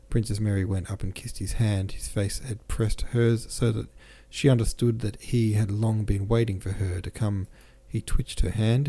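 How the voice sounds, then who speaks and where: A man narrating a classic novel as a podcast host, reading in a measured way with small self-corrections. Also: on the low side, mellow, husky. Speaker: podcast host and audiobook reader.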